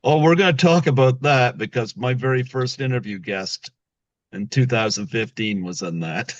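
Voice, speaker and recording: A man's voice: medium pitch, moderate pace, no echo. A man hosting a podcast interview, easygoing, with lots of fillers like "um" and "you know.". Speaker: podcast host. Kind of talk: casual interview chat. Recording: dull, dry lo-fi sound.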